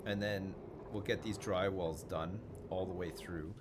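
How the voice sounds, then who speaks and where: A man's voice: low-pitched, fairly even intonation, measured pace, noisy background. A man streaming a video game, rambling and thinking aloud in casual commentary, swearing now and then.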